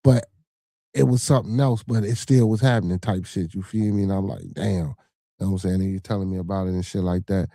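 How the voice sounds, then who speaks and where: A man hosting a casual livestream podcast, rambling and cursing, full of fillers and shout-outs to his viewers. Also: low voice, steady tone, fast, dry recording, clean studio sound. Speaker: podcast host.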